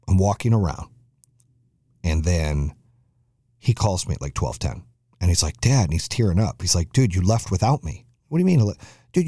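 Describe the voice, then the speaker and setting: A fast, low-pitched man spins a rambling family story with casual swearing, jumping into the voices of everyone involved. His delivery is animated and his recording is dry and close, with no room sound. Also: no room sound. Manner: animated, profane, quotes himself and others. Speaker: podcast host.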